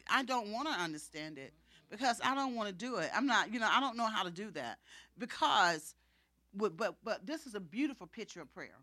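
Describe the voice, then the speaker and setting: A woman's voice: medium pitch, pushed and bright, no echo, studio quality. A middle-aged woman preacher giving a sermon, emphatic and repetitive, often saying "you know". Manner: emphatic, repeats key phrases, frequent "you know".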